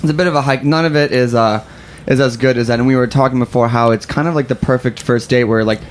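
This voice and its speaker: A man co-hosts a podcast in a relaxed, meandering way. He trails off and restarts, leaning on fillers. His voice sits in a middle pitch, with faint noise behind him. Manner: loose, halting, with many fillers. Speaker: podcast co-host. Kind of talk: casual podcast chat.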